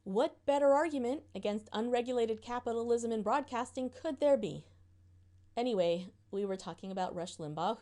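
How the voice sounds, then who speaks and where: A woman's voice: medium pitch, a little mellow. A woman hosting a podcast, reading scripted narration with a sardonic, wry tone. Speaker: podcast host.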